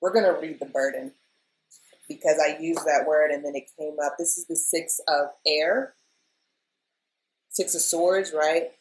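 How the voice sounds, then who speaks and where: A woman's voice: low-pitched, steady tone, unhurried, pauses often, rough recording. Chatty woman giving a tarot reading. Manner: chatty, emotional, addresses viewers as y'all. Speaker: tarot reader. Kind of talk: casual weekly tarot reading.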